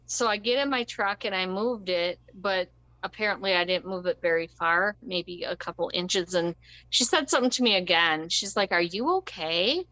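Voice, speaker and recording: Woman, interview guest, casual storytelling, rambling with ums and small laughs, lowish pitch, dry close sound. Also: moderate pace, sharp tone, no echo, poor audio. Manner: rambling and conversational, with frequent ums and short laughs.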